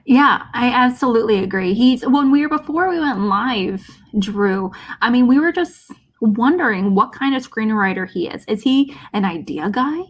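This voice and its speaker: Laid-back woman co-host, slightly high voice. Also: expressive, normal speed. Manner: laid-back, trailing off, searching for names. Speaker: co-host of a movie discussion show. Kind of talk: casual chat about a movie.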